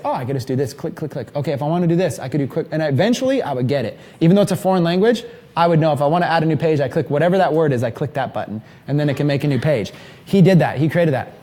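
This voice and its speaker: A man in his thirties giving an energetic, rambling live seminar talk to a small group in an event room. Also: fairly high pitch. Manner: energetic, rambling, filler-heavy. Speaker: mastermind trainer.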